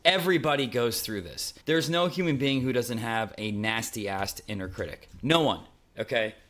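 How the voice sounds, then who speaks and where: A man hosting a podcast, delivering a comedic monologue with animated storytelling and frequent "okay?" check-ins, recorded at a friend's home. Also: medium pitch, normal speed.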